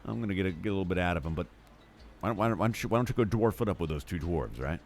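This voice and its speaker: A man voicing a short, smooth-talking male adventurer who flatters in a rapid, stammering way. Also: low voice. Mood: schmoozing.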